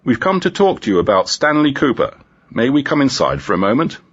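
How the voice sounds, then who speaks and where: A man's voice: medium pitch, sing-song, fairly quick, slightly rough, lo-fi sound, voice pushed up. A man voicing an earnest, sometimes joking male police detective inspector in a crime story. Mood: businesslike.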